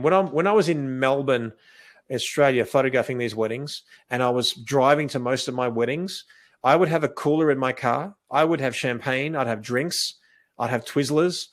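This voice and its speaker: A man teaching wedding photography in a casual, animated way, acting out what he says to couples and often restarting his sentences. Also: mid-range voice. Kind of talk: casual coaching talk.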